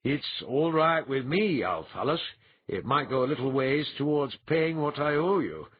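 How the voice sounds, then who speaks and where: A man voicing an earnest, grateful chieftain who is loyal and warm toward his friend. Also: a little high, expressive, measured pace, husky, no echo, narrow, tinny audio, voice pushed up.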